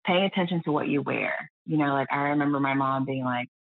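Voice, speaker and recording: A woman's voice: brisk, gravelly, no room sound. Earnest woman on a tinny, dry line. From United States. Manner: earnest, reflective, quotes others in lowered voices. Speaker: guest. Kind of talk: candid podcast conversation. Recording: dry, phone-like lo-fi audio.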